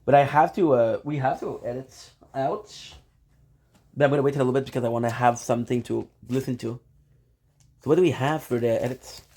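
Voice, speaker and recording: A man's voice: mid-range voice, fairly quick, darkish tone. A man live-streaming, rambling playfully and talking straight to his viewers. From Canada. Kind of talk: casual live-stream chat.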